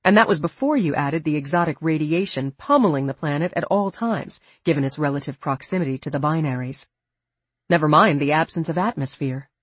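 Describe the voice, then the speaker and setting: Husky, steady audiobook narrator. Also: medium pitch, fairly quick, no room sound. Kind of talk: scripted narration.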